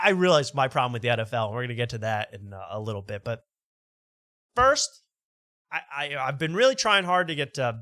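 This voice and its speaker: A man's voice: medium pitch, fairly bright tone, no room sound, studio quality. A man hosting a late-night show, talking in a rambling way that keeps interrupting itself and stumbling over repeated words. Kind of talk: casual late-night monologue.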